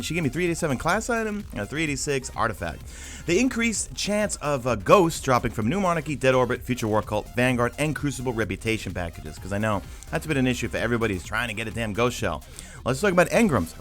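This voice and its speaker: A man's voice: medium pitch, a bit bright. A man giving a casual video game update, talking emphatically and straight to his viewers. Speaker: gaming YouTuber.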